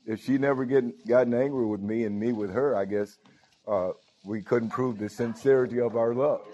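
A man's voice: mid-range voice, fairly even intonation, normal speed, mellow, dull audio. A pastor preaching a sermon. He talks informally and keeps calling out to his congregation. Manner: informal preaching with frequent call-outs to the congregation. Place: church.

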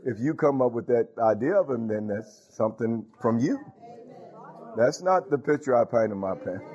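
Male preacher, animated sermon delivery, frequent laughs, dull lo-fi recording. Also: mid-range voice, moderate pace. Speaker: pastor. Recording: dull lo-fi sound.

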